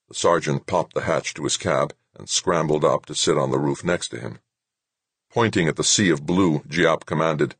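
A man narrating an audiobook in a steady, measured reading style. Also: extremely low pitch, slightly rough, no echo. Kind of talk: scripted narration.

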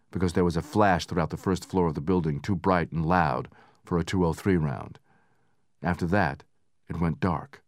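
A man narrating a book in steady, measured scripted narration, raising his voice for the soldiers' lines. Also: deep voice, dry recording, clean studio sound. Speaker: audiobook narrator.

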